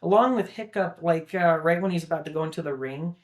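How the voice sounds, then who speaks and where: A man's voice: on the high side, fast. A young man co-hosting a casual film discussion, talking enthusiastically and rambling with lots of filler words. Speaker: podcast co-host.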